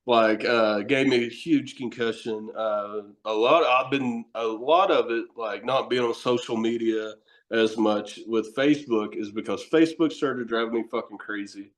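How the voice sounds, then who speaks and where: Man, middle-aged, loose profane storyteller who laughs a lot, even mid-range pitch. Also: moderate pace. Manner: profane, rambling, laughs often. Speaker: guest, wrestler and horror host. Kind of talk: casual storytelling chat.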